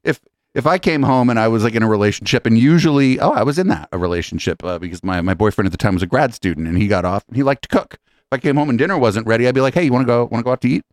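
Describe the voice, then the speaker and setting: A man co-hosting a podcast, reacting to clips in an excitable, profane, laughing way. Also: lowish voice, racing, dry recording. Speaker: podcast co-host. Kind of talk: casual reaction chat.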